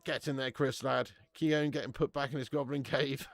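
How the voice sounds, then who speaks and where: A man's voice: mid-range voice, steady tone, moderate pace, dry recording. A young man hosting a live watch-along stream, bantering with viewers, swearing and laughing often. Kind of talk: live casual chat to viewers.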